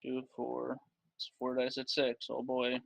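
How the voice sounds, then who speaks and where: A man playing a tabletop role-playing game, excitable and quick to swear, with frustrated outbursts. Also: medium pitch, vocal fry, no room sound, dull audio. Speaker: player.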